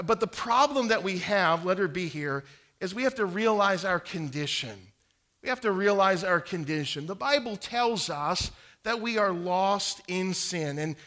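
A middle-aged preacher, his voice on the high side and pushed and bright, earnestly teaches gospel-sharing. He quotes the King James Version, stumbling over repeated words at the start of his sentences.

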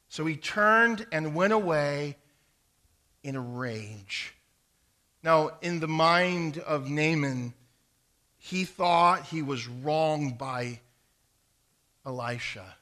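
Guy preaching, bright forceful voice, kinda highish, gets loud then drops way down quiet. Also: expressive, slow, pauses often. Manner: swings between loud emphatic stretches and quiet low asides. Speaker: pastor. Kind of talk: sermon.

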